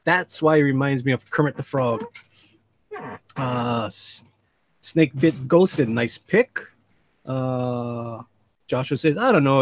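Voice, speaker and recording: A man hosting a live drawing stream, chatting casually with call guests and reading chat messages aloud in a laid-back way. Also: mid-range voice. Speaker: livestream host and artist.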